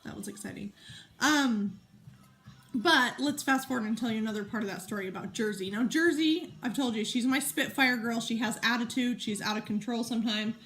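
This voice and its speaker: A woman's voice: a little high, brisk, a bit bright. A woman in her thirties chatting casually to camera, a rambling storyteller full of fillers and asides while she works on a craft project. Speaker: vlogger and mom.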